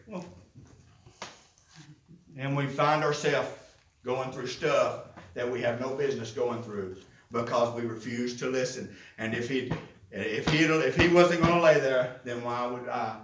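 A man's voice: mid-range voice, measured pace, fairly bright tone, roomy sound, distant mic, low-quality recording. A man preaching a sermon as pastor, with rising, impassioned emphasis and lots of repetition.

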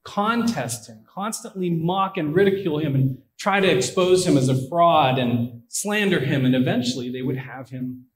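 A man preaching in a conversational, storytelling way, his voice sitting a bit high for a man. He drops in asides and acts out quoted lines. The sound rings around an echoey room. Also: lively intonation, normal speed. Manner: frequent asides and fillers like "I mean" and "you know". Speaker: pastor. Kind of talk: conversational sermon retelling a Bible story.

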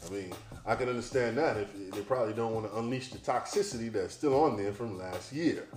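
Over faint music and a roomy echo, a man hosting a podcast reads out news headlines in a fairly low voice at a fairly quick pace. He rants about each one in a blunt, profane, sardonic manner.

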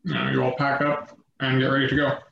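A man narrating a tabletop game as game master, relaxed and rambling with fillers. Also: mid-range voice, fast talker, creaky, a little hiss or hum. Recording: echoey slightly dull room sound.

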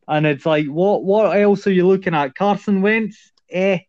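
A man's voice: high voice, moderate pace, a little mellow, no room sound. A man speaking as a guest on a casual sports podcast, giving his opinions in a conversational way. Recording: dull, dry lo-fi audio.

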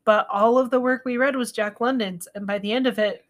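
A woman's voice: fairly high pitch, fairly even intonation, brisk, a loud crowd. A young woman co-hosting a podcast, chatting casually, easygoing and reassuring, laughing a lot. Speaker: podcast co-host. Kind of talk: casual chat.

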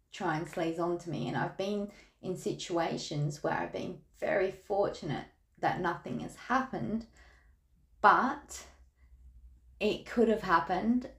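Slow, gravelly-voiced Australian woman. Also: fairly low pitch. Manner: candid, chatty storytelling with laughs. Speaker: tarot reader. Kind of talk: casual tarot podcast chat. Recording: echoey room.

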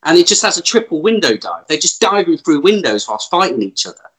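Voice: medium pitch, big pitch swings, fairly quick, a bit bright. A speaker chatting casually and enthusiastically about action films and asking questions. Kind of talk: casual film chat.

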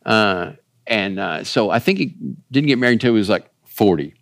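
Folksy pastor with a lively voice. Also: male voice, on the low side, normal speed, no echo, studio quality. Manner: folksy, rambling, asks the audience. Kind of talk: conversational sermon.

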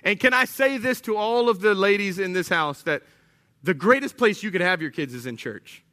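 A man in his thirties preaching a sermon in church, animated, rising at times to shouts. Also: high-pitched, normal speed. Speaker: pastor. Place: church sanctuary.

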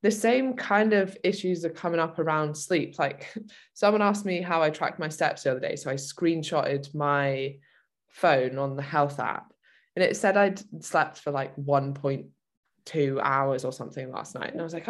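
A British woman with a low-sitting voice speaks at a moderate pace. She co-hosts a fitness podcast and works as a fitness coach, chatting casually and using plenty of filler words.

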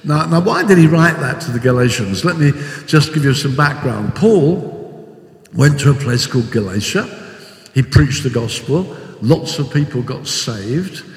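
An older man preaching a sermon with animated storytelling, acting out the voices he quotes. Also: mid-range voice, measured pace. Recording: echoey hall with long reverb.

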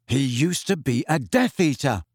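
A man reading aloud, voicing a gloomy, suspicious teenage boy who talks slowly. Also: medium pitch, expressive, no echo, clean studio sound, natural voice. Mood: dark, suspicious.

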